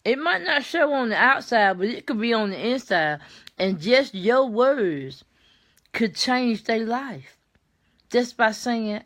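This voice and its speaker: An older woman, chatting warmly on a live stream and greeting viewers by name. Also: a little high, lively intonation, measured pace. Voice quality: warm, folksy. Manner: chats with viewers by name, repeats herself, laughs easily. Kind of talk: casual live chat with viewers.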